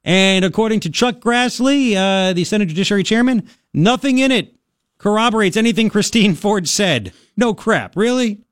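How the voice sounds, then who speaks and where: A man's voice: high-pitched, moderate pace, no echo, studio quality. Joking man in his forties hosting talk radio. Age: 40s. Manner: joking, teasing, animated storytelling. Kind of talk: talk radio banter and commentary. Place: radio studio. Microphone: studio mic.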